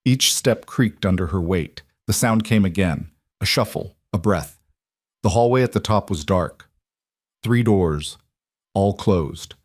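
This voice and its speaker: A man reading a dramatic romance story as narrator, in an even storytelling manner. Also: deep voice, unhurried, no room sound, clean studio sound.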